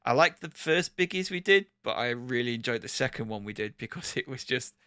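A man's voice: medium pitch, lively intonation, fairly quick, a bit bright, no room sound, studio quality. A man co-hosting a podcast, chatting casually with playful, teasing banter. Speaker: podcast co-host. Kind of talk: casual chat.

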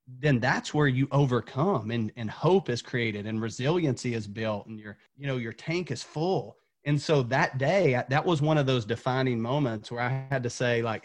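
A man's voice: mid-range voice, animated, normal speed, few pauses. A man from Tennessee, a former coach, telling an earnest motivational story as a podcast guest, repeating words when fired up.

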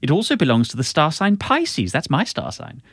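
Man playing a polite, fussy co-host; mild and halting, bouncy intonation, dry recording. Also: a little high, huge pitch swings, fairly bright tone, dry recording, full character voice. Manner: polite, hesitant, fussy over manners. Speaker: podcast co-host. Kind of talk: improvised comedy podcast.

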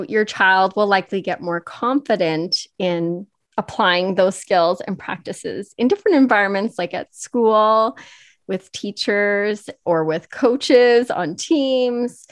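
A woman's voice: mid-range voice, no echo, studio quality. A woman in her forties hosting a podcast, affirming her guest and laughing easily. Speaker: podcast host. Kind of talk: casual podcast interview.

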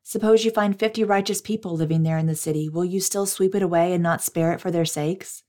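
An older man pleads and bargains with God, humble and earnest, as a woman reads him in an audio scripture reading. The voice stays lowish and even, close to a plain reading tone. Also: a little fast, close to an everyday voice. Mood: pleading.

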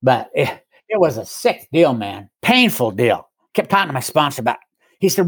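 A man's voice: medium pitch, very animated, moderate pace, breathy edge, dry recording. A middle-aged man telling his own story casually, with wry, self-mocking humor and frequent chuckles. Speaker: guest speaker in recovery.

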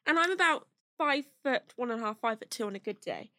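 High-voiced woman telling a funny story. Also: a little fast, a little hiss or hum. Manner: animated, laughs through a comic anecdote. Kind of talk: casual storytelling chat. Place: podcast studio.

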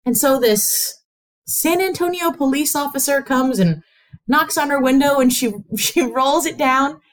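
A woman from the US Midwest with a Chicago-tinged Midwestern accent and a slightly nasal voice, telling stories in an animated, laughing way on a podcast. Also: sits high, unhurried. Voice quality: a little nasal. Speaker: interviewer, host's sister. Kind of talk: casual podcast storytelling.

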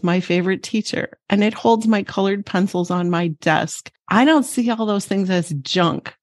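A woman's voice: on the low side, a little mellow, dry recording, clean studio sound. A woman co-hosting a podcast for teachers, speaking in an earnest, encouraging way. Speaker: podcast co-host. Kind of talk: reflective podcast talk.

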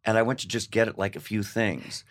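A middle-aged man telling a long personal anecdote in casual chat, animated, with laughs and restarts. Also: on the low side, normal speed. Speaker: guest. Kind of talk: casual storytelling.

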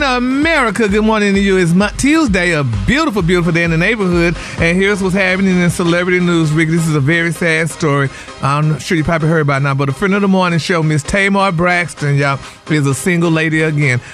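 A man's voice: high-pitched, quick pace, fairly bright tone, faint music behind. A man voicing a flamboyant, theatrical celebrity gossip reporter with a sing-song delivery. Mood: gossipy. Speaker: celebrity news segment.

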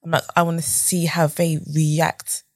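A young woman from the UK recounts her career as an animated storyteller, slipping into other people's voices. Her voice sits a little low with a husky edge, recorded dry and close. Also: measured pace, no room sound. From United Kingdom. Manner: animated storyteller, acts out quotes with big pitch jumps and whispers. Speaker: podcast guest. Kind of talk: casual storytelling interview.

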